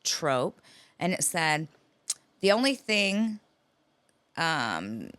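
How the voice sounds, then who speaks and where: A woman's voice: low-pitched, sing-song, extremely slow, fairly bright tone, no echo. A woman co-hosting a podcast, telling a long story in a profane, rambling casual chat. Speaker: podcast co-host.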